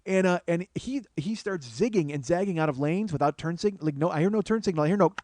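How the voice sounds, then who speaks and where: Profane, animated male comedian telling a story. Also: fast talker, dry recording. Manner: animated, profane storytelling that builds from low murmurs to excited outbursts. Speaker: comedian and podcast host. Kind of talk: storytelling monologue.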